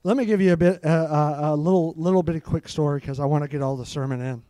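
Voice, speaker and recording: A man's voice: on the high side, fast, warm tone, dry recording. A middle-aged man preaching a live sermon, fervent and peppered with hallelujahs.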